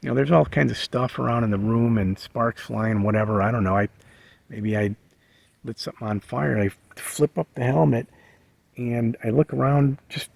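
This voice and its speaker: Gravelly man telling a story. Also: medium pitch, a little mellow, dry recording. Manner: halting, many fillers and restarts. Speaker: vlogger sharing a memory. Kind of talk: casual storytelling. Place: living in a bus.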